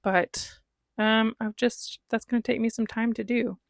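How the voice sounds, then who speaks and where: A woman's voice: fairly high pitch, fairly even intonation, a little slow, gravelly, no echo. A woman vlogging about her fountain pen inks in a casual, chatty way, with lots of ums and small laughs. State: recovering from a cold. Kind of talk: casual show-and-tell vlog.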